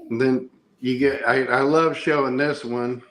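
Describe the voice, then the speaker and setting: A middle-aged podcast host rambles through a loose, casual chat, showing off comics with easy enthusiasm. His voice sits in an ordinary middle range, fairly bright in tone, with fairly even intonation and an unhurried pace.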